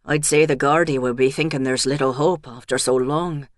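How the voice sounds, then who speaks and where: A woman voicing an easygoing male pub barman who talks in a wry, relaxed way. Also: medium pitch, normal speed, no echo, studio quality, close to an everyday voice. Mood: easy.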